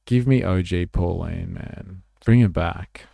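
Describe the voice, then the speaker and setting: A man's voice: low-pitched, slow pace, creaky, dark tone, breathy edge, no room sound. A man hosting a livestream, giving casual, sardonic commentary on clips and reading chat aloud. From Australia. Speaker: livestream host.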